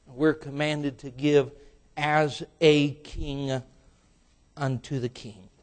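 High-voiced preacher acting out a story. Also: male voice, flat delivery, slow pace. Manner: acts out characters with sudden loud high bursts. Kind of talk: sermon.

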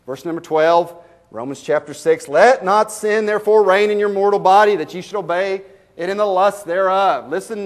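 A pastor with a fairly high voice preaches a sermon full of folksy stories and rhetorical questions aimed at the congregation. He swings between loud bursts and slow, emphatic lines.

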